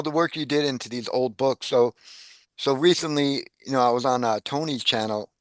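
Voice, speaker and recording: A man's voice: mid-range voice, no room sound. A man hosting a casual online chat, asking rambling, easygoing questions. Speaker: host.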